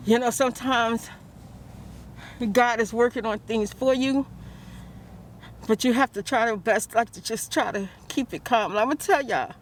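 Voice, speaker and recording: A woman's voice: a little high, moderate pace, pauses often, a little hiss or hum. A woman vlogs about her stressful morning, praying aloud and restarting her sentences, out near a car. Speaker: vlogger. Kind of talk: emotional vlog monologue.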